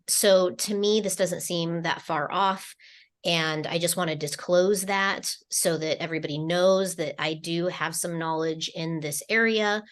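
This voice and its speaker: A woman co-hosting a spiritual podcast, relaying channeled messages in a casual, meandering way with lots of fillers and restarts. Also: lowish voice. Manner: slow, meandering delivery with many fillers and restarts.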